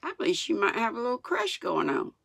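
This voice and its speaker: A woman's voice: mid-range voice, wildly swooping pitch, a little fast, creaky, fairly bright tone, husky, no room sound, studio quality. An older woman with a Southern US accent, from North Carolina, chatting folksily and laughing as she reads a storybook aloud to her viewers. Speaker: channel host reading aloud. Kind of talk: casual storybook read-aloud.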